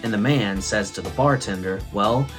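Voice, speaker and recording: A man's voice: mid-range voice, lively intonation, normal speed, over music. A man hosting a comedy show, delivering corny jokes and a monologue with a playful, theatrical manner. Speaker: host. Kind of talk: comedic joke-telling monologue.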